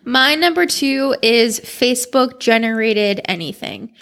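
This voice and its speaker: A woman's voice: on the high side, animated, a little slow, gravelly, fairly bright tone. A woman co-hosting a casual chat, giving wry, opinionated takes.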